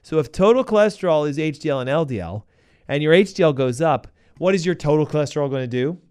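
A middle-aged man hosting a health show, giving emphatic, punchy advice full of rhetorical questions and quick asides. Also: fairly high pitch, lively intonation, darkish tone, smooth. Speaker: health podcast host. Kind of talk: energetic health advice talk.

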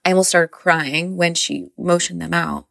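A woman's voice: lowish voice, fairly even intonation, moderate pace, creaky, a bit bright, dry recording, studio quality. A mother casually recounting a birth story, rambling and filling her speech with "like". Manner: rambling, heavy use of "like".

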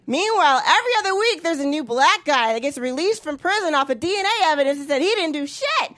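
Brash high-voiced woman doing stand-up. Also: animated, fast talker, hardly any pauses, fairly bright tone. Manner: brash, profane, acts out voices with big pitch jumps. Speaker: stand-up comedian. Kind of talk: stand-up comedy set.

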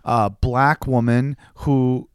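A young man in casual chat, telling a story with animated quoted voices. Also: mid-range voice, slow pace, smooth, no room sound, clean studio sound. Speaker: podcast co-host.

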